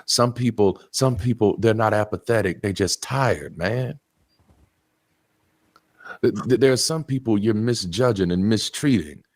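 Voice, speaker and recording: A man's voice: fairly low pitch, unhurried, dry recording. A man giving an earnest, preachy motivational talk with blunt profanity.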